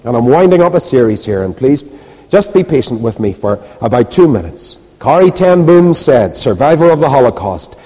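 A man preaching a sermon with emphatic, rhetorical delivery, then dropping soft and low as he leads a prayer. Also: very animated, normal speed. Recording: reverberant hall.

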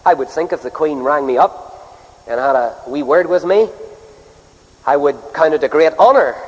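A man preaching an evangelistic sermon from a church pulpit, measured and emphatic, with sharp rises in pitch. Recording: long hall reverb.

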